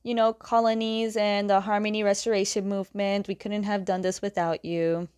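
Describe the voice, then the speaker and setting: A woman's voice: medium pitch, little pitch movement, moderate pace, a little mellow, clean tone, close to an everyday voice. Woman doing a gushing grateful king. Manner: gushing and thankful.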